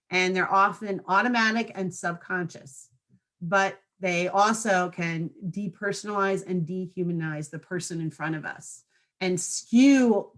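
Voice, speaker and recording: A woman's voice: fairly low pitch, a bit bright. A woman trainer giving a training presentation to school staff in a conversational way, often checking in with her listeners through short tag questions.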